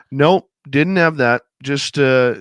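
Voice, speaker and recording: A man's voice: medium pitch, fairly bright tone, smooth, no room sound. A man hosting a talk show while fighting a head cold, chatting in a rambling, easygoing way. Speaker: radio show host. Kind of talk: casual chat.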